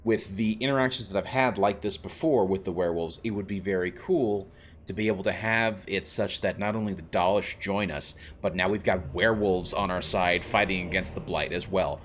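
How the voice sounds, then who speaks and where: A man's voice: low voice, normal speed, a bit bright, slight background noise. A man streaming a video game, thinking aloud in a rambling, self-deprecating way. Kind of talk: casual gameplay commentary.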